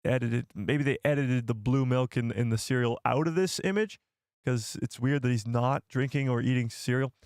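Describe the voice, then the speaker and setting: A man's voice: medium pitch, moderate pace, a little mellow, smooth, no echo, clean studio sound. A young man hosting a casual live stream, chatty and jokey, thinking aloud with fillers as he reads out viewer comments.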